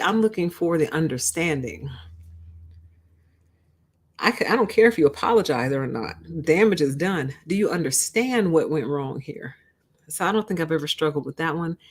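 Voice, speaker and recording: Low-voiced blunt woman livestreamer. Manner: blunt, candid, laughs often, acts out quotes. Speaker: livestream host. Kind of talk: casual livestream chat.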